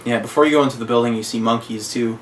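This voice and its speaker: Fast-talking man chiming in. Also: mid-range voice, a bit bright, far from the mic, slight background noise. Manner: quick interjections and filling in details. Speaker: podcast co-host. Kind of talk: casual spoiler chat.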